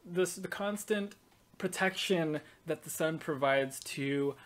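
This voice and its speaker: A game master voicing an excitable older baroness who fusses over her guests and presses food on them. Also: mid-range voice, a little slow, natural voice. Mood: gushing. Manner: gushing, eager to please, pushy with food.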